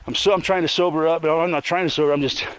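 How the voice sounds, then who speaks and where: A man's voice: on the high side, fairly even intonation, very fast, a bit bright, clean tone, no room sound. A man ranting angrily in a rambling, profane monologue, ending many sentences with "man.". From Colorado. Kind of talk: casual monologue rant.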